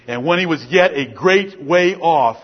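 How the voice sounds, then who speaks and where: A man's voice: on the high side, lively intonation, unhurried, breathy edge. A male preacher delivering a fervent sermon with emphatic repetition, on a dull lo-fi recording.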